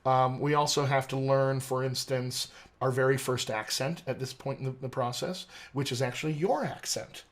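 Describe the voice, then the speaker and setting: A man's voice: medium pitch, fairly even intonation, moderate pace, few pauses. An American man, an accent coach, explaining his teaching method methodically in an interview. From United States. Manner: articulate, methodical, lecturing.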